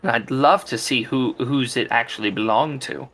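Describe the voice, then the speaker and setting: Game master, man, bright voice, easy and halting delivery. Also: medium pitch. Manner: relaxed, halting. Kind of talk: narrating a tabletop game.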